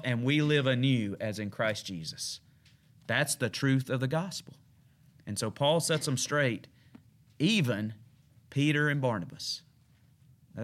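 Folksy pastor preaching emphatically. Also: male voice, medium pitch, a bit bright. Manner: folksy, emphatic preaching with rising and falling intensity. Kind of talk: midweek Bible study sermon.

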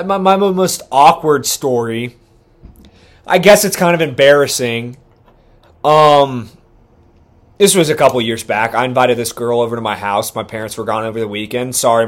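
A young man co-hosting a casual podcast, talking crude and boastful. His pitch sits in the middle for a man but leaps high and loud when he gets worked up. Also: normal speed. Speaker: podcast co-host.

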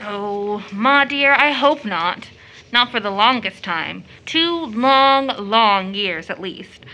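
A woman playing a lively, affectionate young woman who teases and gushes in a stage play reading. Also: mid-range voice, slow pace, dull audio, exaggerated voice. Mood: playful. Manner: effusive, gushing, teasing.

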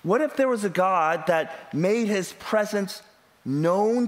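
In a church, a middle-aged male pastor preaches a sermon, shifting from easygoing storytelling to emphatic, building delivery. His voice is high and his pace slow.

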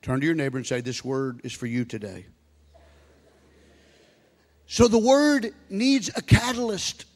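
A man in his sixties, a pastor preaching a sermon and building to loud exhortation. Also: fairly high pitch, a little slow, pauses often. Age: 60s. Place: church sanctuary. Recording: long reverb of a large hall with music.

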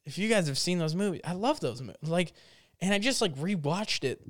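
A man's voice: high-pitched, lively intonation, brisk. A young man telling a rambling, jokey story in a casual vlog, full of fillers and restarts. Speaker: vlogger.

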